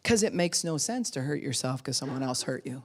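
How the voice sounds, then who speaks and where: A middle-aged woman pastor giving a sermon in a conversational, animated way, acting out quotes and laughing often. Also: extremely low pitch, fairly quick, a little hiss or hum.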